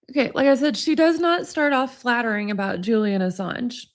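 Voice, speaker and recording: A woman hosting a casual livestream, chatting with viewers and reading passages aloud from a book. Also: a little high. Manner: chatty, laughs often, reads passages aloud. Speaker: livestream host.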